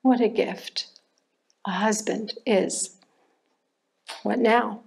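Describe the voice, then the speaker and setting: An older woman shares a personal testimony in a church class, taking her time over each phrase. Her voice sits at a middle pitch, and she talks in a reflective way, pausing often and restarting her sentences as she goes. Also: steady tone, gravelly, darkish tone. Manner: slow, reflective, with pauses and restarts. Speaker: church member sharing testimony.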